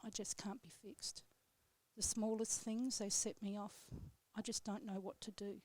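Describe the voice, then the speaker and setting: A woman on live radio reading her own poem aloud in a steady, measured way, then chatting with the host. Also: mid-range voice, no room sound. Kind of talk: poetry reading, then casual chat. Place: radio studio.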